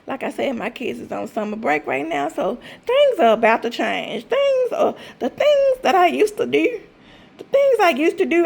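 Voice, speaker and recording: A woman, chatting to her viewers in a vlog with animated, drawn-out exclamations. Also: high-pitched, creaky. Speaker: vlogger. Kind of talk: casual chat to viewers.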